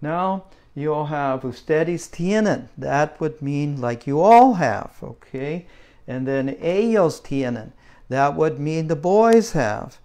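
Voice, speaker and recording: A man teaching a beginner language lesson in a slow, patient way, checking in with "okay?" as he goes. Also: a little high, lively intonation, warm tone. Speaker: Spanish teacher.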